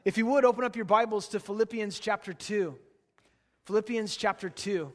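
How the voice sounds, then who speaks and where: A man in his late thirties, a pastor, preaching a sermon and telling stories in a relaxed, chatty way. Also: high-pitched, normal speed. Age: late 30s. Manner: relaxed, chatty storytelling with laughs. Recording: long hall reverb.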